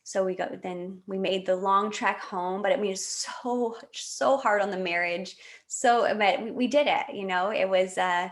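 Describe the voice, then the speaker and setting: A woman's voice: medium pitch, measured pace, few pauses. A woman in her late thirties from Canada, telling a personal story in a casual interview with many fillers and restarts. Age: 30s. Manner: animated, emotional, lots of fillers and restarts. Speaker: podcast guest.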